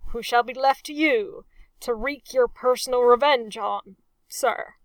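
An eager first lieutenant who hurries to flatter his captain, as a woman narrator voices him. His deferential delivery still runs slow and a little high. The recording is dry and close. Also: dry recording, lightly acted. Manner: hasty and deferential. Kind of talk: audiobook character voice.

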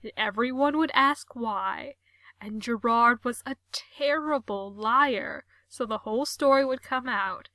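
Slow, bright-voiced woman reading a story. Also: fairly high pitch, dry recording. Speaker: story reader. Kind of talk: reading a comic story aloud.

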